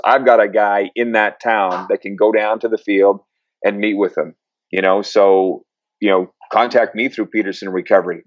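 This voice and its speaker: A man with a fairly low voice tells stories in a relaxed interview and mimics the people he quotes. The sound is dry and a little dull, with no room echo. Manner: animated storyteller, acts out quotes. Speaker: sober coach, interview guest. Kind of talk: casual interview storytelling.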